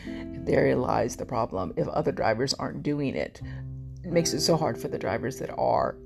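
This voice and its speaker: A woman, a rideshare driver, telling an animated, indignant story to camera from her parked car. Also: extremely low pitch, moderate pace, creaky, over music. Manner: animated, indignant, quotes others in acted voices.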